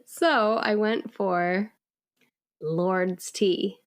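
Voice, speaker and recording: A woman in her thirties co-hosting a podcast in casual chat, upbeat and quick to laugh. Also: medium pitch, vocal fry. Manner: upbeat, giggly. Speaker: podcast co-host.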